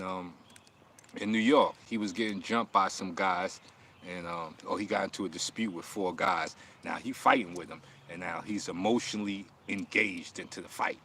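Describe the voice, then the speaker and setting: A man's voice: fairly low pitch, a little hiss or hum. Laughing, mocking man in a livestream. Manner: laughing, mocking, heated and animated. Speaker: martial arts channel host. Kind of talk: casual livestream talk answering chat.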